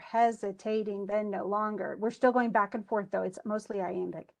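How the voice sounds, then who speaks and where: A woman's voice: mid-range voice, steady tone, normal speed, creaky. Woman teaching poetic meter. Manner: reads verse aloud with stresses, tapping out rhythm syllables; thinks aloud with restarts, asks students questions. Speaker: English instructor. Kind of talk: classroom lecture on poetic meter.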